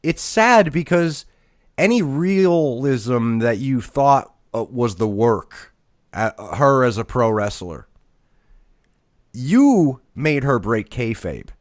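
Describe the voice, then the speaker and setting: A man's voice: mid-range voice, big pitch swings, slow, no room sound, clean studio sound. A man co-hosting a wrestling podcast, ranting mockingly and calling out a critic by name. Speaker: podcast co-host. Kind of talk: casual podcast rant.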